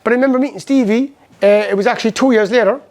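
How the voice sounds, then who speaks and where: A middle-aged Irish man giving a motivational seminar talk, telling personal stories in an animated way and acting out old conversations. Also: extremely high pitch. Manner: rapid, animated storytelling that acts out past conversations.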